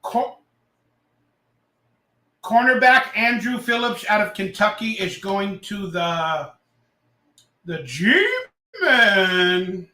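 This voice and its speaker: A man's voice: sits high, steady tone, slow pace, long pauses, pushed and bright, roomy sound, recorded from a distance. A man hosting a casual live stream, ranting sarcastically and reading out viewer comments. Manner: ranting, sarcastic, reads chat aloud.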